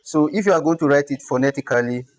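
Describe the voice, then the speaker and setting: A man teaches a language lesson, his voice sitting a bit high for a man. He explains patiently and goes over words one by one, repeating them. The sound is dry and close. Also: fast, dry recording. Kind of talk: classroom lesson.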